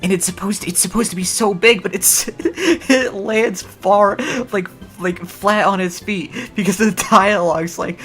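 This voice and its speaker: Woman streamer just yapping, kinda sarcastic, rambly, soft music in the back. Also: mid-range voice, measured pace. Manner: rambling, wry and sarcastic, trailing off into laughs. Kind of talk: casual livestream chat.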